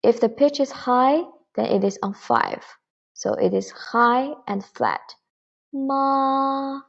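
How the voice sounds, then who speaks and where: A woman teaching a beginner Mandarin lesson, patiently and clearly demonstrating tones. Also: on the high side, big pitch swings, takes it slowly, highs cut off.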